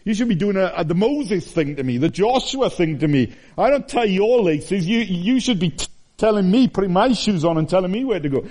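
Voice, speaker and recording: A man acting out John the Baptist as an earnest, humble prophet with a raised, mellow voice. He sounds urgent and protesting in a retold sermon scene. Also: sits high, lively intonation, a little fast, voice pushed up.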